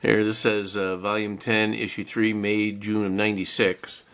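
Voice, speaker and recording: A man's voice: lowish voice, little pitch movement, normal speed, fairly bright tone, clean tone. A man casually narrating a model car kit unboxing, chatty and rambling, with self-deprecating chuckles.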